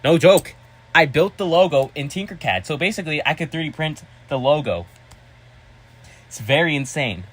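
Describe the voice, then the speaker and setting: A man chatting casually as a vlogger, excitable and rambling, with restarts and sudden loud outbursts. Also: on the high side, normal speed, breathy edge. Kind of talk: casual vlog chat.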